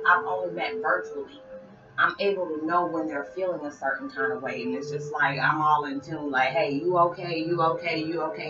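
A woman talking casually to her viewers in a spiritual vlog, rambling and repeating phrases as she addresses them directly. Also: low voice. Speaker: spiritual vlogger. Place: at home, listening to music. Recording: roomy, distant, dull sound with music. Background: music playing.

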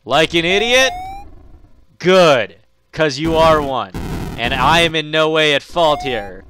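A man's voice: a little high, lively intonation, slow, noisy background. A man playing a gloating bratty house cat. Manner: loud, gloating, mocking taunts. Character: bratty destructive male house cat, smug taunter. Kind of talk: voicing a game character while playing.

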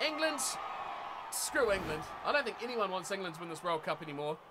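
A young man commentating a rugby video game live and chatting with viewers, excitable and laughing often. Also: high-pitched, fairly quick, noisy background. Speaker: game streamer.

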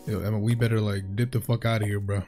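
A young man giving casual let's-play commentary, slangy and profane, reacting loudly and animatedly to the game. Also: fairly low pitch, level tone, fast. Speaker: gaming channel host. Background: game music.

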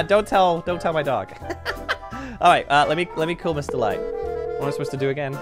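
A woman's voice: low-pitched, very animated, quick pace. A young woman hosting a game roleplay, bubbly and giggly as she plays and comments. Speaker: gaming channel host. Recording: background music, faint.

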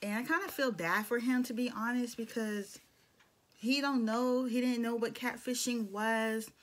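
A woman's voice: a little high, fairly even intonation, unhurried, a bit bright. A young adult woman giving a casual, opinionated recap of a reality show, with blunt asides. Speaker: show reviewer.

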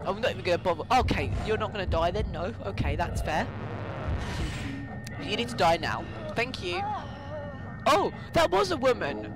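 A young let's play gamer rambles through jokey, casual commentary as he plays, talking back to the game's ghosts. His voice is high and animated at a normal speed, and the recording is very noisy.

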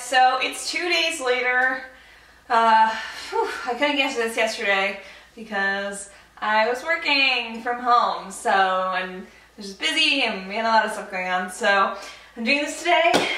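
A woman's voice: fairly high pitch, a little slow, sharp tone, recorded from a distance. A young woman vlogging casually about her clothes, chatty and enthusiastic, with lots of "like" and "uh". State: out of breath. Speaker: fashion vlogger. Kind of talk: casual vlog narration. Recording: echoey room, away from the mic.

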